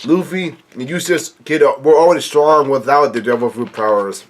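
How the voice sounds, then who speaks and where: A man with a stuffy nose, casually reading manga panels aloud in a halting way, adding blunt remarks as he goes. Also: medium pitch. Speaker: manga reaction video host. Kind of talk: casual read-along commentary.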